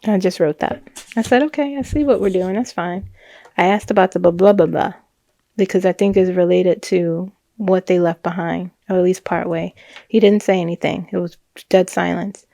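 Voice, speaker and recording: A woman's voice: lowish voice, little pitch movement, normal speed, gravelly, warm tone, dry recording. A woman, a psychic reader, casually recounting a reading in a chatty, rambling way with frequent laughs and restarts.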